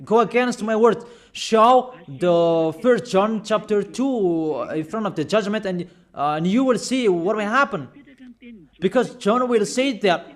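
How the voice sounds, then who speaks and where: Man, high-pitched, emphatic repetitive sermon. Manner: emphatic, repetitive preaching, reads out verses. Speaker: preacher.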